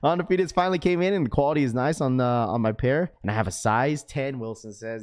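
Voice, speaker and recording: A man with a raspy voice hosting a sneaker livestream, chatting casually in slang and reading chat messages aloud. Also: medium pitch, fast, hardly any pauses, darkish tone. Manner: laid-back, slangy, full of fillers.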